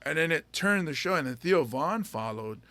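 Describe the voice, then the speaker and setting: A comedian tells a winding story in casual chat, stopping and restarting often. His voice sits a bit high and bright, with a gravelly edge. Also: lively intonation, moderate pace, no room sound. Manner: rambling anecdotes with many fillers and restarts. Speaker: podcast host and stand-up comedian.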